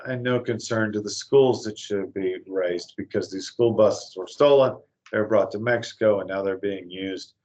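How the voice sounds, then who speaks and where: A man's voice: fairly low pitch, muffled recording. A man giving an earnest warning talk, with frequent filler words and hesitations. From West Texas. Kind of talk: lecture-style talk.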